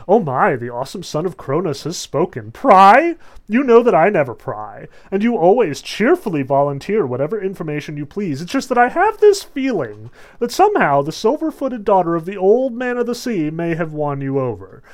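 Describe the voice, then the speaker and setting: A man voicing a jealous, sharp-tongued queen goddess, mocking and accusing, during a lecture. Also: medium pitch, big pitch swings, moderate pace, hardly any pauses, natural voice. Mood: scornful.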